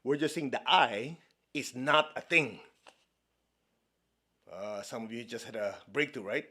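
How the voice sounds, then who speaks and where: A man's voice: medium pitch, a little slow, pushed and bright. A man from China giving a spiritual talk as a meditation teacher, conversational and playful, often checking in with his listeners. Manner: laughs often, playful asides.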